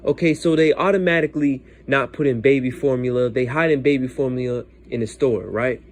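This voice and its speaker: A man's voice: medium pitch, fairly quick. Man earnestly retelling a vivid dream. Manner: emphatic and repetitive, often addresses listeners directly. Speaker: vlogger telling a dream. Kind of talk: casual storytelling to camera.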